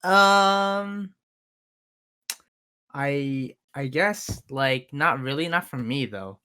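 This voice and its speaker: A man's voice: fairly high pitch, animated, drawn-out words, pushed and bright, clean tone. A young man co-hosting a podcast, chatting in a laid-back, slangy way and laughing often. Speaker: podcast co-host. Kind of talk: casual chat.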